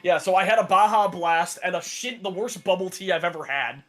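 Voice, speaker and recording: A man's voice: sits high, a little fast, a bit bright, faint music behind. A young man chatting casually on a podcast, telling a long story with many fillers and restarts, sarcastic and laughing often. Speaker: podcast co-host. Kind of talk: casual chat.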